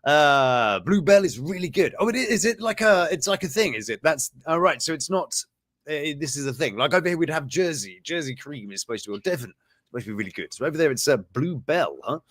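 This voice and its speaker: A man hosting a casual show, his slightly high voice swooping up and down as he reads out odd news items. He chuckles often and breaks off mid-sentence to comment, recorded dry and close with no room sound. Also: lively intonation, a little fast, fairly bright tone, no echo. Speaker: show host.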